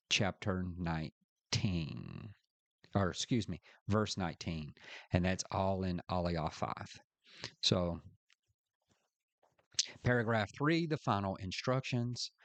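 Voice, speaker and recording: A man teaching a scripture study lesson, walking through the text and reading verses aloud with deliberate emphasis. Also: deep voice, no echo. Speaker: Bible teacher.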